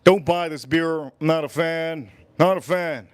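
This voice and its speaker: A man with a somewhat high voice hosts a relaxed livestream, talking to viewers. He stretches his words and says each phrase over and over in a playful, unhurried way. The sound is dry and close to the mic. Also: clean tone, dry recording. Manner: repeats phrases, drawn-out and playful. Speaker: livestream host. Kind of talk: casual livestream chat.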